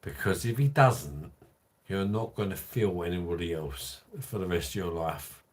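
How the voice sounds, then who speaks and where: A man's voice: sits low, normal speed. A man, drunk, hosting a crude, rambling livestream chat and reading out viewer comments. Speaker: livestream host.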